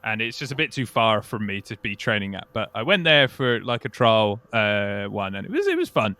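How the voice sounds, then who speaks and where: A man's voice: fairly low pitch, big pitch swings, brisk, pushed and bright, clear, resonant tone, no room sound. A man co-hosting a casual podcast, telling stories in a chatty, self-mocking way. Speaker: podcast co-host.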